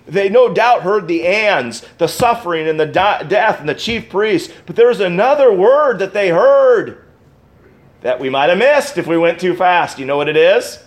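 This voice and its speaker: Male pastor, middle-aged, high-pitched, emphatic preaching delivery that repeats words for effect. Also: lively intonation, moderate pace. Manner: emphatic, repeats key words, swings between loud and soft. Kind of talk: sermon.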